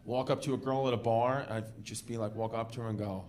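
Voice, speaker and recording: A man doing crowd work in a stand-up comedy club, loud and laughing, then dropping to a mutter for asides. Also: mid-range voice, steady tone, brisk. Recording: live club recording with crowd noise. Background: laughing audience.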